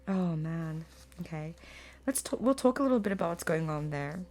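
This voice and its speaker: A woman in the middle of a tarot reading, talking straight to her viewers in a lowish voice. She speaks earnestly and gets emotional, trailing off and looking for the right words. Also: lively intonation, normal speed, a little mellow. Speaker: tarot reader.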